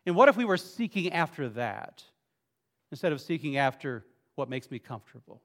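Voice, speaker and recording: A long reverb from the surrounding church hall rings through this male pastor's playful sermon as he teases people in the pews by name. His voice is rather high and a bit bright, with wide pitch movement and a moderate pace, heard in the sanctuary.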